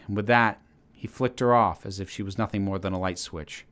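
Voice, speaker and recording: Male narrator, lowish voice, steady measured storybook read. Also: smooth. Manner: steady, measured reading with occasional restarts. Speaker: channel host reading his story. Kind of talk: audiobook-style story narration.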